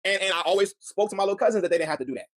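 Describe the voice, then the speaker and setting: Guy ranting fast on his commentary stream, earnest, dry close sound. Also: sits high, a bit bright, dry recording. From Chicago. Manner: heated, earnest, repeats words as he builds a point. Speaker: commentary channel host. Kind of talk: reaction commentary.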